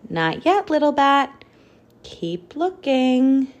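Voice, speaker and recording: A woman voicing a caring mother bat who speaks softly but firmly to her child. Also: high voice, big pitch swings, takes it slowly, muffled recording, pitched above the performer's own voice, exaggerated voice. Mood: gentle. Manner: soft, protective and firm.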